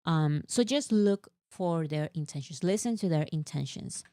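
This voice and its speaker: Over-explaining and heaping on fillers, a woman co-hosts a casual fan chat, animated and somewhat exasperated. Her fairly low voice keeps a moderate pace, recorded dry and close with no room echo.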